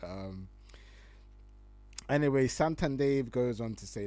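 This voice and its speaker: A man's voice: mid-range voice, slow, a little mellow, no echo. A young man from the UK, hosting a casual solo podcast, slangy and laughing often as he reads out tweets. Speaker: podcast host.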